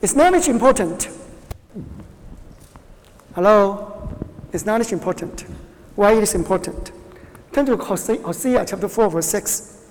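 A woman's voice: medium pitch, lively intonation, darkish tone, slight background noise. A woman whose first language is Chinese, teaching a Bible class by quizzing her students, with frequent restarts and short laughs. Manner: questions the class often, halting restarts, laughs. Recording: reverberant hall.

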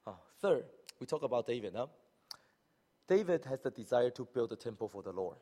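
Animated male preacher in a reverberant church. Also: fairly quick. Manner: animated, acts out hypothetical speakers with rising pitch. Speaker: pastor. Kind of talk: sermon. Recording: long hall reverb.

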